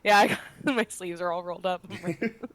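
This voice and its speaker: Giggly low-voiced woman player. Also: fairly quick, fairly bright tone. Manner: giggly, joking. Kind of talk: casual chat at a game table.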